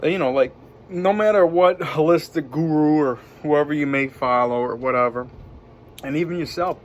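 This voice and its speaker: A man's voice: fairly high pitch, normal speed, lo-fi sound. A man giving an upbeat, rambling motivational vlog talk full of catchphrases. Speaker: vlogger and self-styled spiritual guide.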